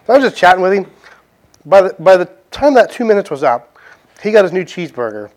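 A man's voice: high voice, sing-song, fast talker. Chatty southern preacher man. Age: adult, past his teens. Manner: conversational, asks many rhetorical questions. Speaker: pastor. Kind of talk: sermon with closing prayer.

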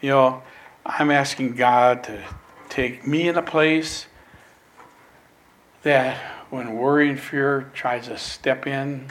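Slow, emphatic preacher man. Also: mid-range voice, fairly even intonation. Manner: emphatic, swinging from loud stresses to near whispers; repeats phrases for emphasis. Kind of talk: sermon.

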